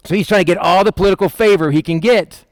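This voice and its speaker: A man preaching in a conversational style, asking the listeners questions and acting out quotes in quick voices. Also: sits high, dry recording. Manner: asks the listeners questions and answers them. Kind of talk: conversational Bible teaching.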